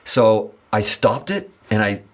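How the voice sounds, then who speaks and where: A man from the Azores telling an excited, rambling story as a guitarist guest, swearing and acting out quotes. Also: on the low side, slow pace. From Azores, Portugal. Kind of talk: animated storytelling in an interview.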